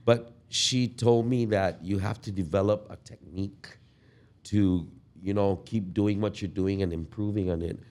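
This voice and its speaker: Older male musician, very low voice, unhurried and reminiscing. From Guam. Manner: relaxed, reminiscing, drawn-out storytelling. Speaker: guest musician. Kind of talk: casual podcast conversation.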